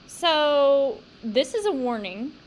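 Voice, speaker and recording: A woman teacher leading a poetry discussion with a class, talking slowly and emphatically and asking the students questions. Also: sits high, very animated, a little hiss or hum, low-quality recording.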